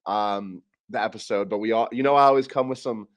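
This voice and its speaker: A young man as guest co-host on a casual chat show, rambling through animated stories. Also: fairly low pitch, a little fast. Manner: rambling storyteller, animated quoting.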